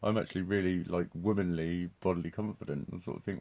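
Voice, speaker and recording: Low, mellow-voiced man. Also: normal speed. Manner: swears constantly, laughs often, restarts sentences. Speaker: vlogger. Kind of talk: rambling live monologue.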